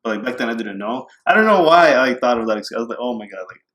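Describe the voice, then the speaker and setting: A man's voice: mid-range voice, animated, racing, a bit bright. A man telling a personal story in casual podcast chat, rambling with many fillers.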